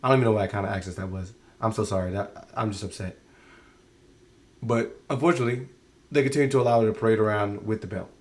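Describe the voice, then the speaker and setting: A man's voice: on the low side, fairly even intonation, quick pace. A man giving a casual spoken review of a show, exasperated and rambling, often restarting his sentences.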